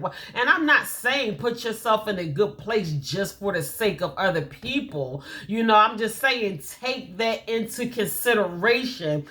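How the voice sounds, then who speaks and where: Woman in her forties, crisp bright voice, chatty storytelling, motivational talk. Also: medium pitch. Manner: chatty storytelling with lively quoted asides. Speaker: host.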